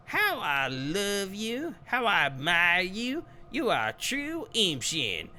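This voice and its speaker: A man's voice: high-pitched, sharp tone, a little hiss or hum, pitched above the performer's own voice, full character voice. A man voicing an ancient female spirit who recites solemn, adoring praise.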